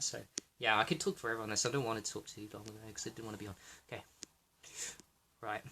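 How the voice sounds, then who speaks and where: A man rattles through a rambling livestream monologue at a fast clip. His voice is bright and a little husky, and he swears freely and calls out to viewers by name. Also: medium pitch. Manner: excitable, profane, talking to viewers by name. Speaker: livestream host.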